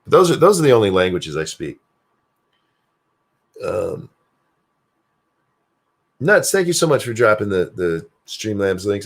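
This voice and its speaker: An older man from the US, a grandfather, streams live on his own, reading out viewer messages and rambling casually with plenty of swearing. His voice is lowish with big pitch swings, and he speaks unhurriedly, pausing often.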